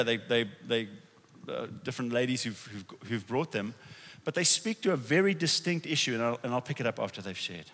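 Bright-voiced man preaching in an echoey hall. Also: mid-range voice. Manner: rousing, leads congregation in declarations. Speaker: pastor. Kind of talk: sermon. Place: church.

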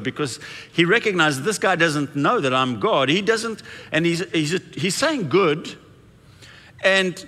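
A man delivering a sermon in a forceful, bright voice that sits a little high for a man. He talks conversationally and slips into the voices of people in his stories. The sound rings with the long reverb of a big hall. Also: lively intonation, normal speed. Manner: conversational preaching, acts out quoted voices. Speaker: pastor.

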